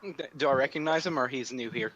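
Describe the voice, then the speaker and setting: A young man playing a tabletop game, speaking in a hesitant, halting way. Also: mid-range voice, a bit bright, dull audio, slight background noise. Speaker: player. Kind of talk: casual tabletop game play.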